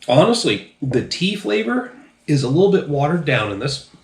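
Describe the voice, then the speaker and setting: A man's voice: on the high side, very animated, moderate pace, reverberant. A man casually reviewing drinks on his channel, a little tipsy, talking loosely and profanely with lots of ums. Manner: loose, profane, rambling with many fillers.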